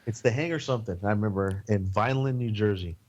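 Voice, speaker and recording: A man's voice: on the low side, quick pace, dull audio. A man from San Antonio, a podcast guest, telling casual, rambling road stories with plenty of swearing and quoted voices. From San Antonio, Texas. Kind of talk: casual storytelling.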